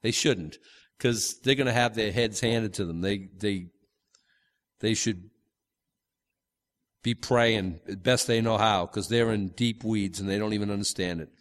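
A man's voice: on the low side, unhurried, long pauses, big-room sound. A man teaching from the Bible in a loose, conversational way, stumbling over restarts and acting out the quotes. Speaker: preacher.

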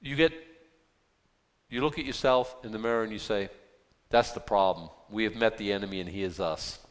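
A man leads a relaxed Bible study from the pulpit, slipping from read-out scripture into folksy, conversational asides. His voice sits fairly low, and a long reverb trails behind it as in a large hall. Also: a little fast. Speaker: pastor. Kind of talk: informal Bible-study sermon.

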